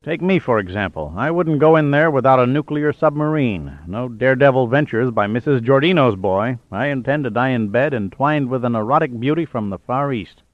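A man's voice: mid-range voice, expressive, brisk, hardly any pauses, dry recording, highs cut off, natural voice. A man voicing a flippant, wisecracking male diver sidekick who makes idle jokes. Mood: joking. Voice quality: flippant, joking.

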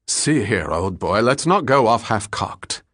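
Man reading an imperious, blustering diplomat, low and dry. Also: big pitch swings, measured pace, a bit bright, dry recording, heavily acted. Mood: haughty, uneasy. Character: haughty male diplomat, evasive and nervous.

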